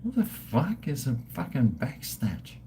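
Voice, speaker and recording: Slow-talking crude Australian man in his fifties. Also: mid-range voice, wildly swooping pitch, warm tone, a little hiss or hum. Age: 50s. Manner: crude, joking, swearing; drinking and toasting viewers. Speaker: livestream host. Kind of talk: casual live-stream chat.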